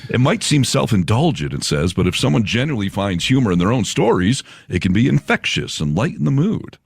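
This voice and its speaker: A man's voice: fairly low pitch, sing-song, normal speed, creaky, slightly rough, no echo. A man co-hosting a casual podcast, reading items from a list and joking, often laughing at himself. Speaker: podcast co-host.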